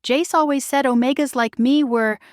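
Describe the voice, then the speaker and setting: A woman reading a romance audiobook voices a frightened young pregnant werewolf, speaking softly and hesitantly. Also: high-pitched, fairly even intonation, moderate pace, no room sound, clean studio sound, pitched above the performer's own voice, natural voice. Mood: fearful. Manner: soft, hesitant and whispered. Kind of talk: scripted story narration.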